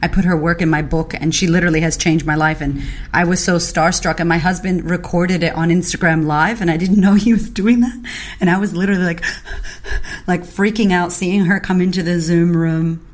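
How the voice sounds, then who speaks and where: A woman podcast host from Boston, telling a story in casual chat, excitable and expressive, swearing freely and acting out her own reactions. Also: lowish voice, a little fast. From Boston, United States. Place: online audio chat room.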